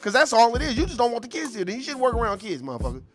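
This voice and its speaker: A man telling a story in an animated, profane, streetwise casual rant. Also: very high-pitched, rapid-fire, faint music behind. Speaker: show host.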